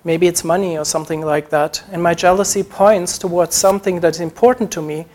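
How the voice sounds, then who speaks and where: A man's voice: high voice, steady tone, fairly quick, darkish tone. A man preaching a sermon, earnest, acting out short quoted prayers as he teaches.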